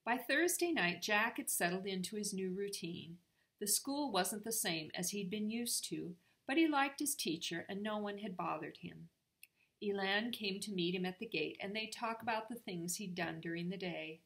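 An older grandmother reading a chapter book aloud to her grandchildren. She reads steadily and clearly. Her voice is bright and ringing. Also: medium pitch, moderate pace.

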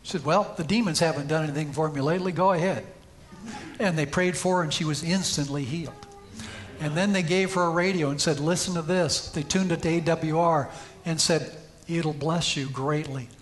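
High-pitched male preacher, storytelling sermon with emphatic peaks, church setting. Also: steady tone, moderate pace. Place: church sanctuary.

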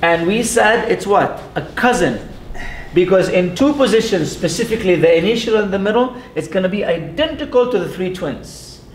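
A man teaching a class, patiently repeating sounds slowly and putting questions to his students. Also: animated. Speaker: Arabic teacher. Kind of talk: classroom lesson. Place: mosque classroom. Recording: echoey room with faint rumble.

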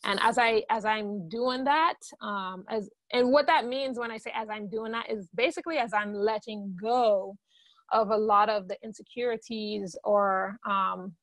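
A woman's voice: medium pitch, unhurried, a bit bright, dry recording. A woman with a Guyanese accent, a guest songwriter telling her story candidly in a podcast interview.

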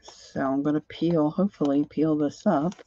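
A woman's voice: low-pitched, fairly even intonation, moderate pace, warm tone, muffled recording, slight background noise. A woman hosting a craft livestream who rambles and thinks aloud as she works, often trailing off mid-sentence. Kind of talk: casual crafting tutorial.

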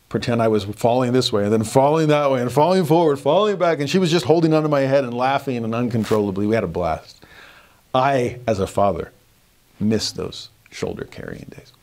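A middle-aged man teaching a devotional scripture lesson, telling stories earnestly, moving between hushed and animated delivery. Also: medium pitch.

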